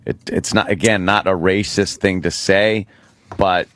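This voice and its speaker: A man's voice: low voice, steady tone, a little slow, fairly bright tone, no echo. A man co-hosting a radio talk show, rambling and wry with many fillers on a close studio mic. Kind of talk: casual radio banter.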